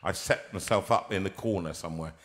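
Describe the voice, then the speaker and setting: A middle-aged man hosting a live-streamed chat, talking to his guest in a jovial, teasing, animated way. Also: deep voice, quick pace. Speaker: host.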